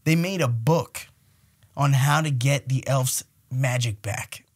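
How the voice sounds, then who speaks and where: A man's voice: mid-range voice, takes it slowly, husky. A man co-hosting a podcast, telling crude stories and swearing freely in casual banter. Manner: animated storyteller, swears a lot, acts out his kids' voices. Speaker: podcast co-host.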